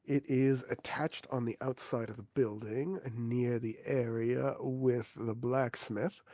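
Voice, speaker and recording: A man voicing a polite, long-suffering middle-aged innkeeper who talks in a slow, formal, quiet way. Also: medium pitch, steady tone, no echo, voice pushed down, close to an everyday voice. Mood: courteous.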